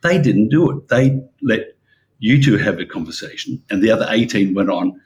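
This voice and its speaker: A man's voice: fairly low pitch, lively intonation, normal speed, low-quality recording. A man hosting a conversational discussion, speaking hesitantly with repeated restarts and an argumentative push.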